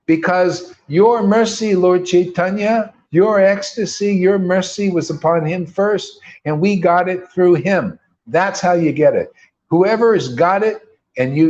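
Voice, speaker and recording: Emphatic high-voiced male preacher. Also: darkish tone. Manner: emphatic, colloquial and rhetorical. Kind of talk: sermon. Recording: dull lo-fi recording.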